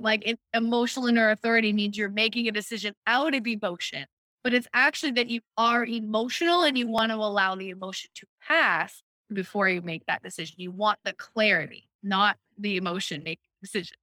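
A woman hosting a casual chat, explaining an idea in a lively way, often checking in with "right?" and acting out quoted thoughts. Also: fairly high pitch, brisk, dry recording. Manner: lively, acts out quoted inner voices, frequent "right?". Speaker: host explaining a personal decision-making method.

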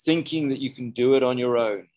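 A man's voice: medium pitch, a little fast, darkish tone, a little hiss or hum, low-quality recording. A man preaching a sermon in a conversational way, often stopping to correct himself. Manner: conversational, with frequent self-corrections.

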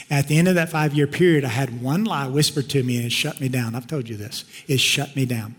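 A middle-aged pastor from Texas, preaching a sermon and swinging between loud urging and quiet personal storytelling. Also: male voice, medium pitch, a little fast, few pauses. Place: large church sanctuary. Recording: long hall reverb in a sanctuary.

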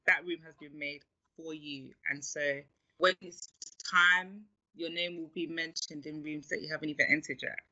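A woman's voice: low-pitched, fairly even intonation, normal speed, pushed and bright, highs cut off. A woman with a London accent, a guest on a faith podcast, talking in an encouraging, preachy way and laughing often. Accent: London English. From England. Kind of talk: faith-based podcast chat.

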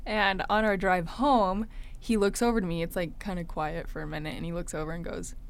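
A young woman tells a funny dating story in a relaxed, chatty way. She laughs often and acts out what each person said. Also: on the low side, brisk, creaky, smooth, no echo. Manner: animated, laughing often, acts out quoted lines. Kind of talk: casual storytelling.

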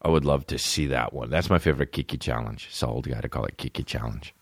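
A man hosting a solo comedy podcast, rambling and swearing as he riffs, bursting into quick mock voices. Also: very deep voice, slightly rough, dry recording, clean studio sound. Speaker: podcast host. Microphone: phone.

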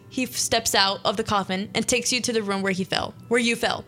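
Bright-voiced young woman hosting a radio show. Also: fairly high pitch, fairly even intonation. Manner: playful, quick, self-interrupting. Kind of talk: casual chat, reading an interactive story aloud. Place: small studio.

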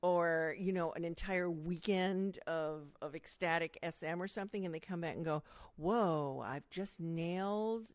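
A woman's voice: normal speed, few pauses, no echo. A middle-aged woman, a sex educator being interviewed, talking expressively and acting out quotes. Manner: expressive, acts out quotes with big pitch jumps. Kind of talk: animated interview conversation.

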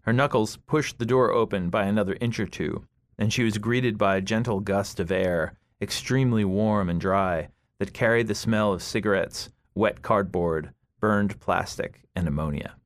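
A man reading his own short story aloud in a measured, deliberate way. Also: on the low side. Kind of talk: literary reading.

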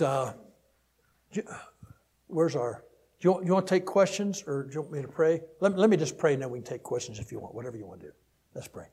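A man preaching a counseling-focused sermon to a live audience, swinging between emphatic peaks and quiet asides, then leading a prayer. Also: medium pitch, breathy edge. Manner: animated, rising to emphatic peaks and dropping to soft asides. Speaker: pastor. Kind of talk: sermon teaching ending in prayer.

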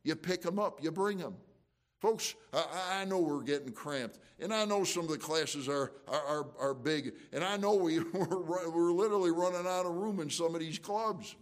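A man's voice: a little high, normal speed. Fervent folksy male preacher. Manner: fervent, conversational preaching with emotional surges; frequent restarts and folksy asides. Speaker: pastor. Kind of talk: sermon.

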